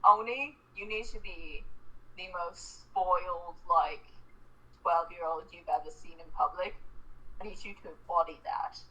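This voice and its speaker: A woman's voice: fairly low pitch, steady tone, measured pace, bright, forceful tone, rough recording. A woman playing a tabletop game, chattily describing what her character does. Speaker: player.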